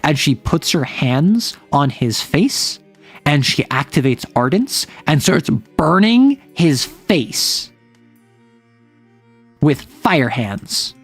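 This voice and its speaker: A man's voice: on the high side, very animated, takes it slowly, breathy edge, soft background music. Rambling man recapping a game. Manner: rambling, many "like" fillers. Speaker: tabletop game player recapping a session. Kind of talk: casual storytelling recap.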